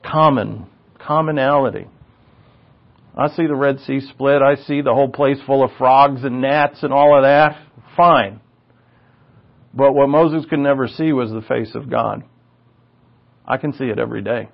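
A male pastor preaching a sermon in a relaxed, conversational way, telling stories and joking at his own expense. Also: medium pitch, unhurried, creaky, pauses often, lo-fi sound. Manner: conversational, self-deprecating storyteller. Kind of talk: sermon teaching.

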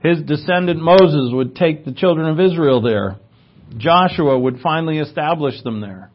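A man's voice: a little high, moderate pace, highs cut off. A man preaching a sermon in a conversational teaching style, with asides and fillers.

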